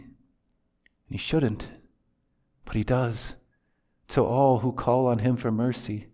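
A man's voice: mid-range voice, a little slow, long pauses, darkish tone. A male pastor preaching a sermon in an earnest manner, quoting prayers from scripture.

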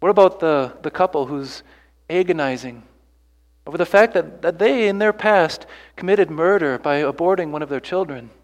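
A man's voice: a little high, expressive, moderate pace, long reverb tail. A man preaching a sermon earnestly, pressing his listeners with rhetorical questions and repeated phrases. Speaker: pastor.

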